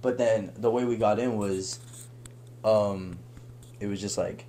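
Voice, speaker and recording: A young man telling a long story on a podcast in a casual, animated way, laughing and acting out the voices of the people in it. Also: fairly low pitch, moderate pace, a little hiss or hum. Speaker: podcast guest.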